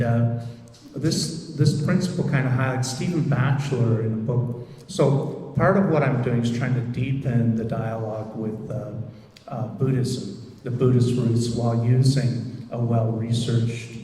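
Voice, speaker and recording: A man who leads meditation groups, giving a gentle, reflective talk with many pauses and fillers. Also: medium pitch. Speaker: meditation group leader and therapist. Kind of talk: recorded presentation. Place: lecture room. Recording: echoey hall, distant mic.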